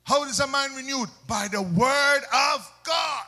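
A male preacher, delivering a fiery sermon, shouting and then dropping to soft asides, with call-and-response questions. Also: extremely high pitch, a little slow. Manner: swings between loud shouts and soft asides.

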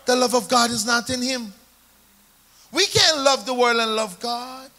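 High-voiced, forceful preacher. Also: male voice, measured pace. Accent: Jamaican. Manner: call-and-response preaching, rising and falling emphasis. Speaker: pastor. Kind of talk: sermon.

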